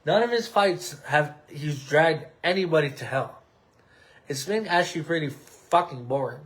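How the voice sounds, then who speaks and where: A man in his thirties hosting a podcast from his apartment, ranting in a heated, rambling way with lots of swearing and restarts. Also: fairly high pitch. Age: 30s. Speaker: podcast host. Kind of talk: casual opinion rant.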